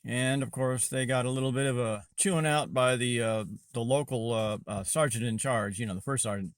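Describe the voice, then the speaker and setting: A man's voice: mid-range voice, fairly even intonation, fairly quick, no room sound, studio quality. A man from Arkansas, an Army veteran, telling a story casually and rambling, with many fillers and self-corrections.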